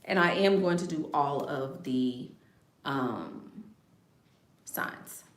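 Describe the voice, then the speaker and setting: Her voice is very deep and she speaks extremely slowly, with roomy sound around her. This online content creator chats casually on a live stream, bluntly and self-assuredly, repeating phrases for emphasis.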